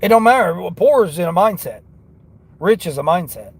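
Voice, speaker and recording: A man's voice: high-pitched, big pitch swings, moderate pace, husky. A man vlogging from his car on delivery runs, talking in an earnest, rambling, motivational way. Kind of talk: casual talk while driving.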